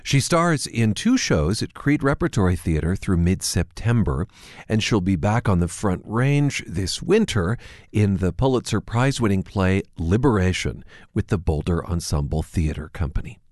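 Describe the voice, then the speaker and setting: Deep, lively male radio host. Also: normal speed, no echo, clean studio sound. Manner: smooth announcer delivery. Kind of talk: scripted radio sign-off. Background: faint music.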